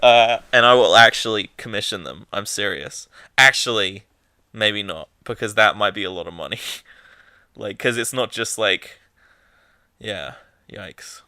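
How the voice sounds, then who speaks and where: A young man co-hosting a podcast in casual chat, rambling and halting, often laughing. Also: fairly low pitch, pushed and bright, dry recording. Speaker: podcast co-host.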